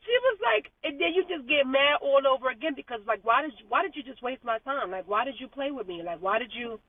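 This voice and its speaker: A woman's voice: high voice, lively intonation, normal speed, dry recording, recorded from a distance. A woman chatting animatedly on a car vlog, repeating herself and laughing often. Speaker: vlogger. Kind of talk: casual car vlog chat. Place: car in traffic. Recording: tinny phone-like sound from off mic.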